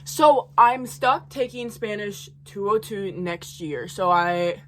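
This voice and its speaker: A woman's voice: medium pitch, slow, slight background noise. A young woman in college telling a profane, heated storytime rant in her own rambling way. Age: young adult. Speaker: college student vlogger.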